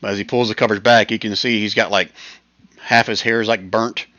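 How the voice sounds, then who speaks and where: A man narrating as game master of a tabletop game over voice chat, relaxed and rambling. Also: on the low side, a little fast, no room sound. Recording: dull lo-fi voice chat.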